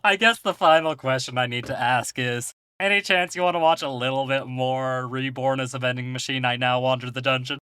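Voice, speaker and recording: A man's voice: medium pitch, fairly even intonation, a little fast, few pauses, pushed and bright, smooth, dry recording. A young man hosting a podcast, wrapping up the show with upbeat, joking plugs and banter. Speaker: podcast host. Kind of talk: casual chat and show outro.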